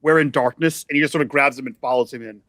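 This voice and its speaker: A man playing a tabletop horror game, speaking tentatively and slowly with fillers. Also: mid-range voice, fairly bright tone, no echo, studio quality. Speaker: player. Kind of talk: casual tabletop play.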